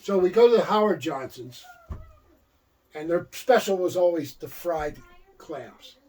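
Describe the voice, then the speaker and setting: An older man co-hosts a casual chat and spins long, rambling stories. His voice is husky and sits fairly high. It is captured from a distance. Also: lively intonation, measured pace, a little mellow. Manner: rambling storyteller. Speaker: co-host.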